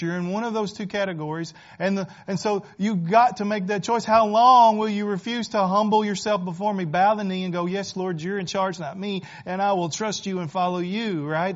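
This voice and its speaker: Man preaching, slightly high voice. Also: muffled recording. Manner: conversational preaching, rising to emphatic and dropping to hushed. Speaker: pastor. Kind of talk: sermon.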